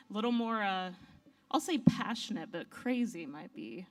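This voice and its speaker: A woman's voice: mid-range voice, lively intonation, unhurried. American woman, a bit far from the mic. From United States. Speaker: birding and photography guide. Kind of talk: conference presentation. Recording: voice from a distance off the mic.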